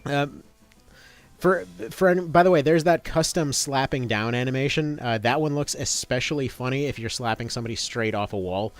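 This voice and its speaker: A man's voice: mid-range voice, moderate pace, faint music behind. Chatty rambling male game streamer. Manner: rambling, chatty, many fillers. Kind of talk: casual gameplay commentary.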